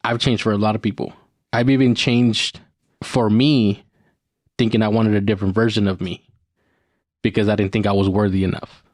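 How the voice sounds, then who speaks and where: A man co-hosting a podcast, speaking gently and encouragingly and laughing easily as he reflects. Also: on the low side, little pitch movement, moderate pace, long pauses, dry recording, clean studio sound. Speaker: co-host.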